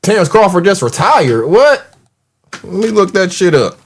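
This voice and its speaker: A man's voice: high voice, sing-song, moderate pace, slightly rough. A man hosting a casual livestream, ranting in a mocking, profane, heated way and reacting to the live chat. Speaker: show host.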